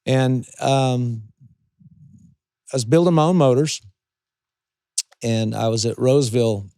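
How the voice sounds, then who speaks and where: A man's voice: medium pitch, measured pace, warm tone, no room sound, studio quality. An older man from California, a retired racing driver, telling long rambling stories as an interview guest. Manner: rambling anecdotes with many restarts. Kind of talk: storytelling in a casual interview.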